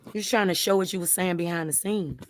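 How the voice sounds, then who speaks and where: A woman hosting her channel, ranting angrily at someone. She repeats herself, swears, and swings from low muttering to shouting. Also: fast. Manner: swears freely, addresses viewers directly. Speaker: channel host. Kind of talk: heated direct-to-camera rant.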